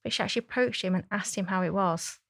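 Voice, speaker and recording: A woman's voice: mid-range voice, fast, gravelly, fairly bright tone, dry recording, studio quality. A woman on a webinar panel telling a workplace anecdote in a friendly, chatty way. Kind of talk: panel discussion, storytelling.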